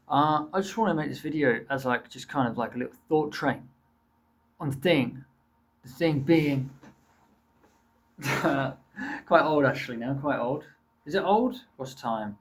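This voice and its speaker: A man in a casual, rambling vlog monologue, talking offhand and swearing freely. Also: medium pitch. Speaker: YouTuber.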